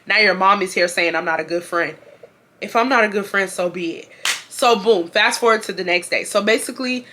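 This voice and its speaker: A woman, telling an animated casual storytime to her viewers. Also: mid-range voice, a little fast, slight background noise. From Houston, Texas. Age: 20s. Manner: animated, acts out quotes, addresses viewers. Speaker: vlogger.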